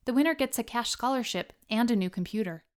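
Woman doing an upbeat girl friend egging her on, smooth clear voice, audiobook. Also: a little high, animated, fast, natural voice. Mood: encouraging. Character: young woman friend, encouraging.

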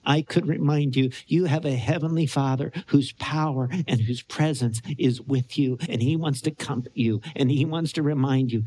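A man's voice: on the high side, darkish tone. A middle-aged male pastor preaching a sermon with earnest storytelling that rises to emphatic points.

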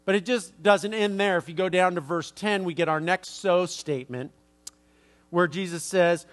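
A man's voice: high voice, normal speed. A man preaching a sermon, rambling through a story with many fillers and restarts. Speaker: pastor. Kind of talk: sermon with anecdote.

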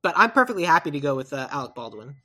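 Bright, low-voiced woman chatting casually. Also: very fast. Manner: rambling, self-correcting, animated asides. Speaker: podcast co-host. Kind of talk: casual chat about movie casting.

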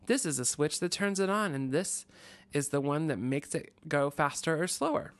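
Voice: medium pitch, lively intonation, moderate pace, no room sound, natural voice. A podcaster quoting a smug, scheming mad scientist while retelling a story, in a plain, dry voice. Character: ranting evil male theme-park scientist. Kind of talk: acted quote in a retold story.

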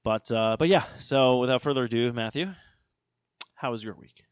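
A man's voice: mid-range voice, moderate pace, clean tone, no room sound, highs cut off. A man hosting a podcast in casual chat, rambling and swearing his way through everyday stories. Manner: rambling, profane storytelling. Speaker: podcast host.

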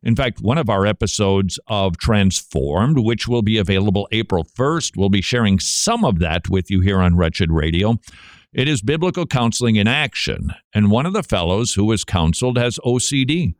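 A man's voice: on the low side, big pitch swings, normal speed, no room sound, studio quality. A man hosting a christian radio talk show, preaching emphatically and asking rhetorical questions he answers himself. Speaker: radio host.

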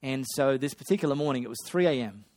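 A man preaching a sermon, swinging between loud excitement and hushed storytelling. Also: medium pitch, quick pace. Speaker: pastor.

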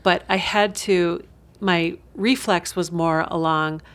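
A woman's voice: lowish voice, fairly even intonation, takes it slowly. A woman host sharing her own experiences in a friendly, reflective, chatty way. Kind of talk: casual chat.

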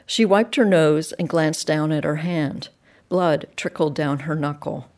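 A woman reading a dark literary story aloud, measured and dropping soft at sentence ends. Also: sits low. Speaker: narrator. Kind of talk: audiobook reading.

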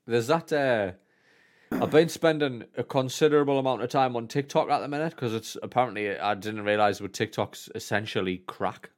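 A man's voice: medium pitch, moderate pace. Sweary man in his thirties. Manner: sweary, rambling, self-mocking storyteller. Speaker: podcast co-host. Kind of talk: casual chat.

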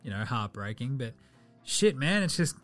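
An Australian man hosting a casual sports podcast, joking, swearing and jumping into bursts of excitement. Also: mid-range voice, moderate pace, soft background music. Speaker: podcast host.

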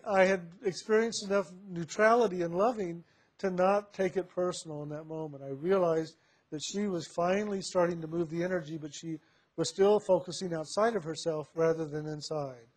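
Man, slightly higher-pitched voice, reflective personal storyteller, unhurried with soft laughs.

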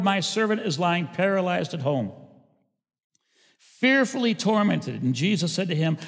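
Animated preacher in a reverberant church. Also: male voice, high voice, moderate pace. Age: older. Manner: animated, swings from loud emphasis to hushed. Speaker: pastor. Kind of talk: sermon. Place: church sanctuary.

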